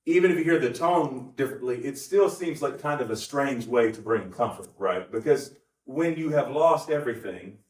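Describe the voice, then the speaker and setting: A man's voice: medium pitch, animated, moderate pace, few pauses. Fields: Sex: man. Role: pastor. Sound: echoey, distant. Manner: rambling, with asides and self-corrections. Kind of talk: conversational sermon. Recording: roomy, distant mic.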